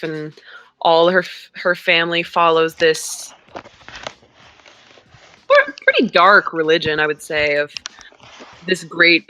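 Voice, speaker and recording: A young adult woman co-hosting a podcast, retelling a book in casual chat with hesitant pauses and many ums. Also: fairly low pitch, pushed and bright, dry recording. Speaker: podcast co-host.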